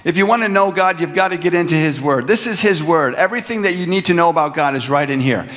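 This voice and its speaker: A pastor delivers his sermon in an earnest manner, pressing home his points with repeated lines. His voice sits a little high for a man. A long reverb from the church hall trails behind each phrase. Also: fast, fairly bright tone. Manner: earnest preaching, builds to emphatic repeated lines. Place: church sanctuary.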